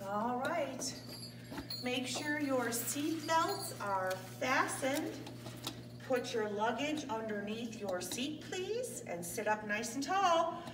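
A woman's voice: sits high, slow pace. A woman preschool teacher leading pretend-play as check-in agent, flight attendant and pilot, in a playful sing-song way. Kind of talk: classroom pretend-play as airline staff and pilot. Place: preschool classroom. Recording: echoey room, distant mic, steady noise.

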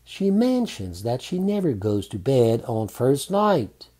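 Slow, dark-voiced male narrator. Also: mid-range voice. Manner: calm, unhurried reading. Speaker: audiobook narrator. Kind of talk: scripted romantic narration.

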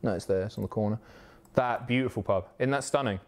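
A man from the Isle of Wight, chatting casually and excitably on a live stream, swearing often. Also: lowish voice, fast talker. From Isle of Wight, England. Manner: excitable, sweary, reads chat aloud.

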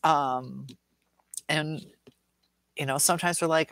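A woman's voice: deep voice, a little slow, fairly bright tone, dry recording, rough recording. A middle-aged woman hosting a casual viewer Q&A livestream, earnest and rambling, reading comments aloud.

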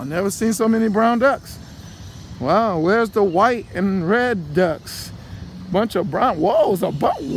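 A high-voiced man preaches casually on a walk by a pond, rambling and repeating phrases in a walking vlog sermon shot on a handheld phone. The background is noisy.

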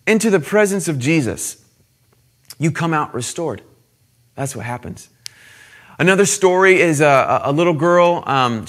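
A young man preaching to a youth gathering, telling stories with animated swings from loud to hushed. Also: medium pitch. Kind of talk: sermon storytelling.

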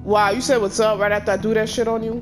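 A loud-mouthed woman ranting over her gameplay, cussing at the characters and heckling them. Her pitch sits in the middle of the range. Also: level tone, quick pace, over music. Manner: loud, brash, cussing, talking back at the game. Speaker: gameplay commentator. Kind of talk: let's play commentary.

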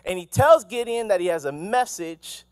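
A male pastor giving an animated, conversational sermon, full of asides and questions to the congregation. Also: sits high, normal speed, clean tone, no echo, clean studio sound. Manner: animated, conversational preaching with asides and acted quotes. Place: church.

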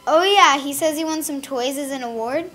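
A woman's voice: high-pitched, moderate pace, sharp tone, soft background music. A woman playing a wary young girl answering the door in an amateur comedy parody, suspicious and questioning.

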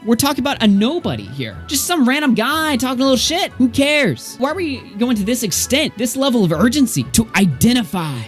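A man's voice: sing-song, a little fast, few pauses, faint music behind. A man streaming commentary, reading out chat screenshots in a sarcastic, incredulous way. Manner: sarcastic, incredulous, rants rising in pitch.

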